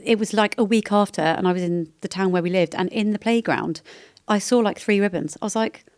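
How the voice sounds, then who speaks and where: A woman, a podcast guest chatting casually and telling stories with lively reported speech. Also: medium pitch, fairly quick, clear, resonant tone. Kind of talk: casual chat.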